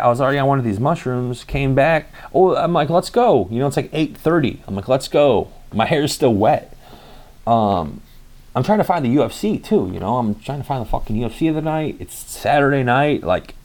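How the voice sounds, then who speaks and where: A man's voice: medium pitch, a little mellow. A young man telling a rambling story in a casual vlog, cursing freely and acting out the dialogue. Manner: rambling, profane, acts out quoted dialogue. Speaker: vlogger.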